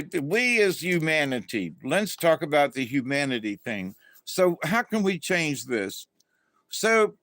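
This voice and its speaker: Middle-aged male host, raised in Florida, unhurried and rambling, fairly high voice, dry close sound. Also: a bit bright, no room sound. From Florida, USA. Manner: meandering, with many fillers and restarts. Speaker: channel host. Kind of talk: casual rambling monologue.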